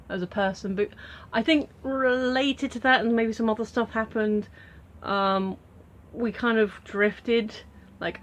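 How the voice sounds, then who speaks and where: A woman's voice: mid-range voice, fairly bright tone. A British woman vlogging to camera in a casual, rambling way, full of ums and restarts.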